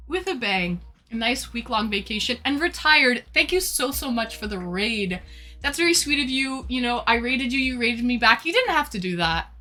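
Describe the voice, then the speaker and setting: A Canadian woman with a Canadian accent, chatting excitably on a live stream as she reads out her chat. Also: fairly high pitch.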